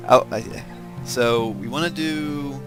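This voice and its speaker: A man's voice: mid-range voice, slow, music in the background. A man with a Southern US accent, hosting a let's-play video and chatting casually while he builds, musing aloud with lots of fillers. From American South. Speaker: gaming video host.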